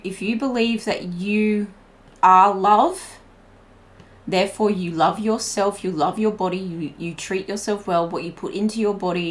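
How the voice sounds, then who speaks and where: A woman's voice: medium pitch, slight background noise. A young woman giving a pick-a-card tarot reading in a chatty, meandering way, full of "like" and restarts. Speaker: tarot reader.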